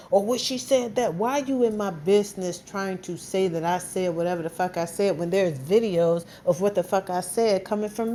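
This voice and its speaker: Heated woman ranting, mellow voice. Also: mid-range voice, slight background noise. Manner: blunt, heated, profane, repeats insults. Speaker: vlogger. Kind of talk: angry direct-to-camera rant.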